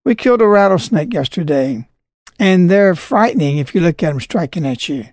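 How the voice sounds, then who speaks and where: A man's voice: sits high, lively intonation, a little mellow, no room sound. Emphatic preaching man, dry sound. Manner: emphatic, slows down to stress scripture quotes. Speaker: religious radio commentator. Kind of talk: preachy spoken commentary.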